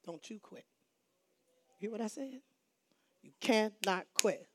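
A woman pastor preaching a sermon in call-and-response style, repeating phrases for emphasis and swinging between hushed lines and shouts. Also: medium pitch, slow.

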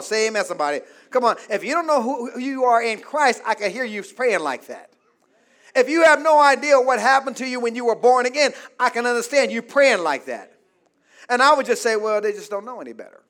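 A man preaching a call-and-response sermon as pastor, calling for amens, prompting the congregation to fill in words and building to shouts. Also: very high-pitched. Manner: preaching with calls of "say amen, somebody" and rising shouts. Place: church.

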